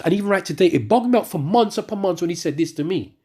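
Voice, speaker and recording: A man giving a spoken religious testimony to his congregation, telling his story in an animated way with many asides and restarts. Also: high-pitched, quick pace, breathy edge. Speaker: church member giving testimony.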